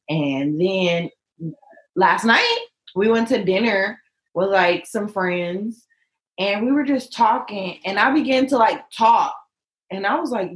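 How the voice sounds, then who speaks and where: A woman co-hosting a casual chat, an animated, joking storyteller. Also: medium pitch, roomy sound, low-quality recording. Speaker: podcast co-host.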